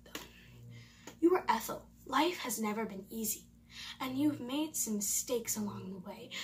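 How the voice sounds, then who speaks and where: A young YouTuber vlogs at home, chatting casually and thinking aloud as she reads quiz questions and options and answers them. Her voice is on the high side, recorded far from the mic with a little hiss or hum and poor audio.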